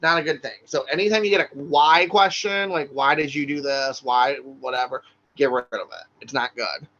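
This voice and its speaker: A man's voice: fairly high pitch, normal speed, fairly bright tone, highs cut off. A man teaching a recorded online class for social work exam prep, talking casually with lots of "right?" and "like".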